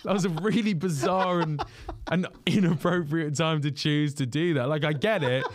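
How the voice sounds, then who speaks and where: A young man, a podcast guest telling a story in casual chat, animated and often laughing. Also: on the high side, moderate pace, noisy background.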